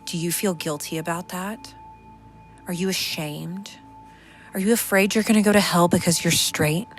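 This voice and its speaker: A woman's voice: on the low side, steady tone, normal speed, soft background music, voice pushed down, lightly acted. A woman playing a mock-horrified woman scolding someone for being straight, in a preachy tone. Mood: mock horror.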